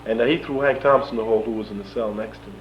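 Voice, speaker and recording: A man's voice: lowish voice, rapid-fire. Young man telling a story on old tape. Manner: animated, chuckling often, acts out dialogue. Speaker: interviewee. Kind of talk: storytelling in an interview. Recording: dull lo-fi archival tape with faint hum.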